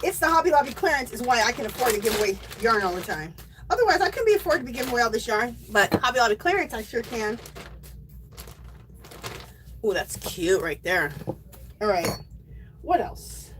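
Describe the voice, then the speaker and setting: A woman's voice: on the high side, big pitch swings, fast talker, slight background noise. Chatty American woman hosting a livestream. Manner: chatty, exclaims loudly, talks to viewers as "girl". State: coughing and teary after choking on water. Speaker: livestream host giving away yarn. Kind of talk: casual livestream chat.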